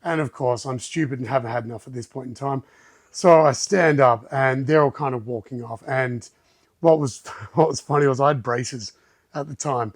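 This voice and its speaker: A man telling a story as a podcast guest, animated and acting out other people's lines. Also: mid-range voice, normal speed, no echo. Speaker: guest, martial arts gym owner. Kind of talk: casual storytelling in a podcast chat.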